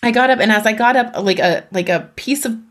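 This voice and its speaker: A woman's voice: a little high, brisk. Earnest woman parenting expert. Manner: earnest, often laughing between points. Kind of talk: casual conversation.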